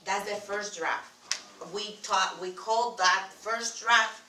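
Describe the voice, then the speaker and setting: A woman with a Spanish accent teaches a Spanish class in English, patiently repeating key words and writing on the board as she talks. Her medium-pitched voice is steady, slow, pushed and bright, with a little hiss or hum. The echoey classroom is recorded from far off.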